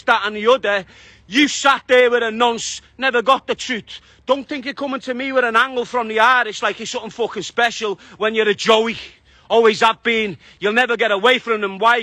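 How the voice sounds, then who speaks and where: A man's voice: extremely high pitch, bright, forceful tone, no room sound. A man ranting passionately on a live stream, swearing heavily as he talks. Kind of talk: angry monologue on a live stream. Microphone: phone.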